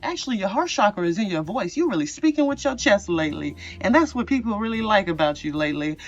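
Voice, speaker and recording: Talking fast with lively intonation at a medium pitch, a woman rambles cheerfully through a pick-a-card tarot reading and laughs frequently. Faint music plays behind slightly dull, lo-fi sound.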